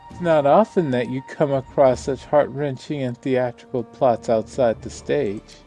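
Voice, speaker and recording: A man doing a haughty nobleman from a fantasy game, all arch flourish and teasing scorn. The voice sits brighter and higher than his own dark, mellow tone and unhurried delivery. Faint music plays underneath. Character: haughty theatrical aristocratic nobleman, mocking. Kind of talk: reading game dialogue aloud.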